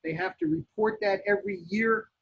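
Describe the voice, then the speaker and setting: Male real estate teacher, emphatic and restless, gravelly, in a muffled classroom recording. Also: high-pitched, normal speed. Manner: lively, restarts and fillers, emphatic. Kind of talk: classroom lecture.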